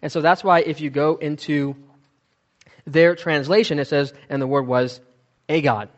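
A man's voice: fairly high pitch, fairly even intonation, normal speed, lo-fi sound. Emphatic man teaching from the Bible. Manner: emphatic, conversational explaining.

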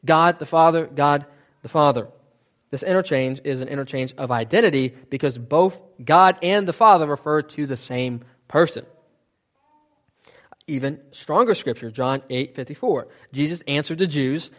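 A man's voice: on the high side, normal speed, fairly bright tone, lo-fi sound. A man teaching from the Bible in a sermon, asking questions and answering them himself, stressing key words.

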